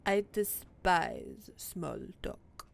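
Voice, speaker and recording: A woman's voice: fairly low pitch, wildly swooping pitch, extremely slow, vocal fry, full character voice. A woman voicing a haughty female house cat with a put-on French accent, reading the cat's lines in a game in a disdainful, insulting way. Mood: contemptuous. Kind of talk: game voice-over read aloud.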